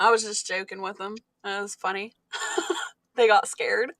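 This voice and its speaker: A woman's voice: medium pitch, steady tone, a little slow, a bit bright, dry recording. A woman hosting a livestream, chatting casually and playfully about her pranks. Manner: playful, joking. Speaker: livestream host.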